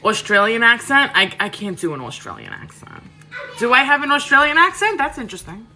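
A woman's voice: fairly high pitch, huge pitch swings, brisk, bright, forceful tone, faint music behind. A woman, chatting casually with viewers on a livestream from her home kitchen, frank and full of fillers. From Queens, New York. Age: 30s. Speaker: cooking livestream host. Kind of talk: casual live chat answering viewers.

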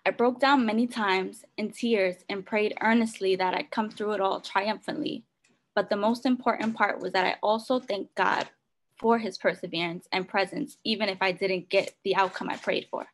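A woman's voice: mid-range voice, steady tone, normal speed. A woman reading her personal church devotional in a sincere, earnest way. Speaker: devotional reader.

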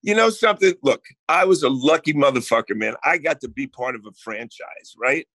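A man's voice: medium pitch, brisk, a bit bright, dry recording. A man with a New Jersey accent, a guest songwriter telling brash stories in casual podcast chat and swearing freely.

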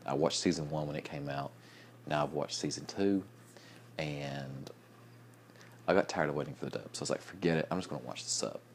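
Very deep-voiced sleepy man. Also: fairly quick, long pauses, slight background noise. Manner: rambling, with restarts, soft chuckles. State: sleepy, yawning a lot. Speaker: vlogger. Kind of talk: late-night casual vlog chat.

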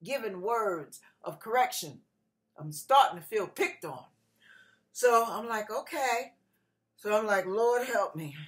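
A middle-aged woman pastor preaching a sermon, telling a personal story with animated delivery and acting out other people's voices. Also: medium pitch, a little slow.

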